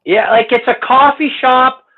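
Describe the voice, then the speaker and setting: A man's voice: very high-pitched, measured pace, crowd noise. Man on a tinny phone line. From Canada. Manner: relaxed, easygoing, lots of fillers. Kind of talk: casual chat.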